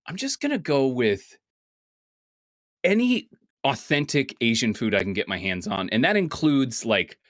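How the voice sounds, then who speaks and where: A man co-hosting a casual chat show, rambling and animated, swearing freely as he jumps between topics. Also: medium pitch, no room sound, studio quality. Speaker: podcast co-host.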